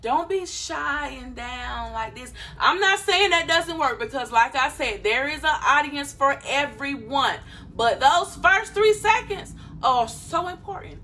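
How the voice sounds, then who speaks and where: A woman giving casual YouTube channel advice, animated and playful, acting out quick voices of others. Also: high-pitched, a little hiss or hum. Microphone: phone camera.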